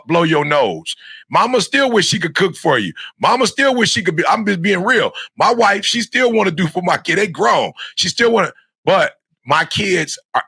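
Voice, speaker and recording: Giving a motivational talk to young students, this middle-aged man has a gravelly, fry-edged voice pitched a little high. His bright, forceful delivery leans hard on repetition, and the dry recording sounds close, with no room around him.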